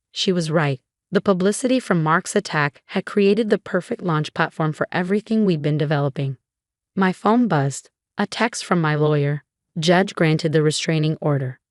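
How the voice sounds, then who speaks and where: A woman reading a scripted first-person revenge story in an even, measured way. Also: deep voice, dry recording, clean studio sound. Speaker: narrator.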